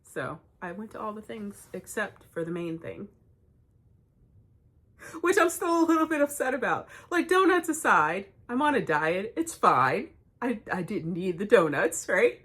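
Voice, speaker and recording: A woman, hosting a knitting vlog, telling stories in a chatty, animated way and laughing often. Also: fairly high pitch. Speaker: knitting podcast host. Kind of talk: casual storytelling vlog.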